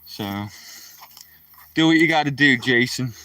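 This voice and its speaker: A man's voice: medium pitch, a little slow, sharp tone, far from the mic, a little hiss or hum, poor audio. A man telling a rambling story to live-stream viewers while walking outdoors in the woods, talking to viewers by name.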